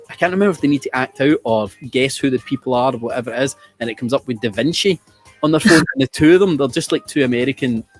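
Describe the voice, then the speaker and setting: A man around forty, hosting a quiz in casual, sweary banter with restarts. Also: medium pitch. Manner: chatty, sweary, trailing restarts. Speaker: quiz host.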